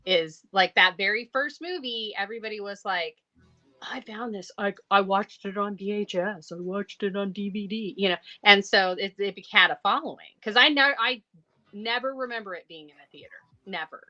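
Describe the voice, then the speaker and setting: A woman's voice: mid-range voice, moderate pace, bright, forceful tone, lo-fi sound. A woman co-hosting a casual pop culture podcast, chatty and enthusiastic, rambling from one thought to the next. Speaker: podcast co-host. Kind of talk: casual chat.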